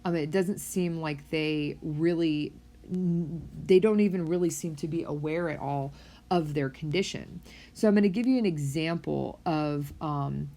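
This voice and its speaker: A woman delivers a recorded university lecture in a loose, chatty manner. Her voice sits a little low, and she fills pauses with ums and uhs and restarts her sentences as she explains. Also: dark tone. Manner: conversational, with many fillers and restarts. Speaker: psychology lecturer.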